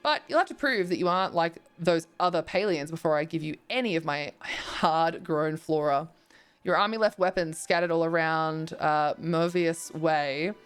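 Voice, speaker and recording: A woman voicing a grumpy, territorial old echo spirit who talks in a brisk, scolding, stubborn way. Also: deep voice, clean tone, soft background music, close to an everyday voice. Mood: bargaining.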